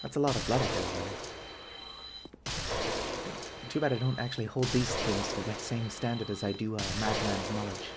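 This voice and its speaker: A man's voice: fairly low pitch, moderate pace, long pauses. A man in his twenties giving wry, self-mocking let's-play commentary with a stuffy nose. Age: 20s. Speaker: gaming channel host. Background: loud game music and combat sounds.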